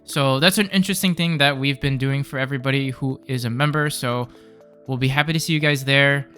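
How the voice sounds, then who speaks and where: A man's voice: medium pitch, steady tone, brisk, pushed and bright, soft background music. A man hosting a card game channel, upbeat and chatty as he opens the match commentary. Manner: upbeat, chatty, laughs easily. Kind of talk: casual match commentary intro.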